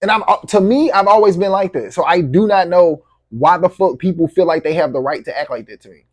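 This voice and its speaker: Husky man venting, heated and profane. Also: high voice, fairly quick, a little mellow, dry recording, studio quality. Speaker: vlogger. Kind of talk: venting to camera.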